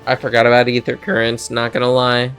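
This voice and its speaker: A man's voice: mid-range voice, completely flat delivery, fairly quick, a bit bright, clear, resonant tone, faint music behind. A man streaming a video game, giving casual joking, offhand commentary.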